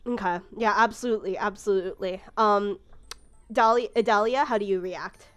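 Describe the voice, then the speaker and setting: A woman with a mid-range voice runs a tabletop game as game master, speaking at a normal speed. Her narration is casual and rambling, packed with fillers.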